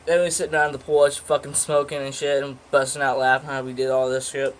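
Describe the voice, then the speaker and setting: A teenage boy tells a story in a loose, rambling way, swearing often and restarting his sentences. His voice sits at an ordinary middle pitch. A faint ambient hiss is heard under him. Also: flat delivery, fairly quick, poor audio. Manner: rambling, profane, with many fillers and restarts. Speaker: vlogger. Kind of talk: casual storytelling.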